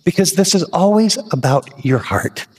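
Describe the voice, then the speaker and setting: A pastor preaching a sermon, impassioned and pushing to emphatic questions, then closing in prayer. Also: male voice, sits high, expressive, moderate pace, slightly rough. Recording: long hall reverb.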